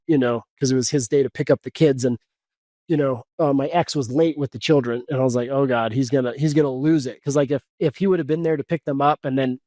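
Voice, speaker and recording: A man, a coach and podcast guest, tells a personal story in a casual, animated way, full of fillers and restarts. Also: mid-range voice, no room sound.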